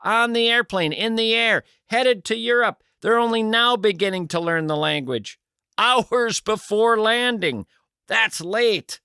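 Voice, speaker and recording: Wry, gravelly talk radio host. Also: male voice, high voice, a little slow, pushed and bright, no room sound, studio quality. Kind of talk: comic radio commentary.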